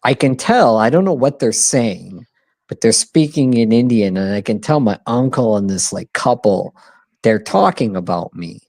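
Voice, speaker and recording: A man's voice: lowish voice, lively intonation, normal speed, vocal fry, a little mellow, no room sound. A man in his thirties telling a rambling, profane story in casual podcast chat, acting out the voices of people he quotes. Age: 30s. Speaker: podcast co-host.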